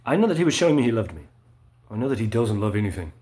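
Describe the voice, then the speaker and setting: A man in a rambling monologue, full of "right?" and "you know" fillers, swinging between low mutters and sharp emphatic spikes. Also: big pitch swings, very fast.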